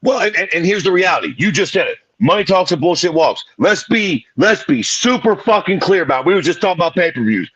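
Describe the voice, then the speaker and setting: A man's voice: high voice, big pitch swings, fast talker, few pauses, fairly bright tone, husky, no room sound. Profane ranting man, dry muffled sound. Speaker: podcast co-host. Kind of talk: casual sports chat.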